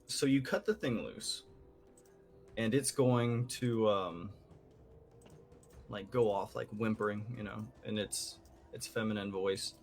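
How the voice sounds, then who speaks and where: Slow-talking male game master. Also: fairly low pitch, soft background music. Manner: slow, rambling, with fillers. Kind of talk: narrating a tabletop game.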